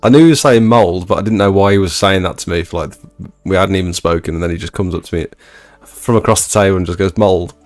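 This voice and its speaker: A young man hosting a live stream, reading chat and chatting in a laid-back, low-energy way. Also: fast talker, few pauses, no echo, soft background music. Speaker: livestream host reading chat.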